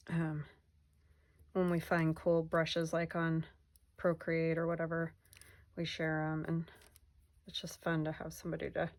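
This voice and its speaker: A middle-aged woman chatting casually as she works through a craft project at home, rambling and soft-spoken. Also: low voice. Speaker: crafting vlogger. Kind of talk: casual craft-along chat. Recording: faint background noise.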